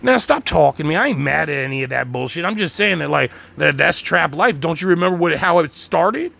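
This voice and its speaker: A man's voice: sits high, animated, brisk, vocal fry, hardly any pauses, fairly bright tone. A man delivering a heated, rambling rant monologue, swearing constantly as he talks. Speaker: channel host.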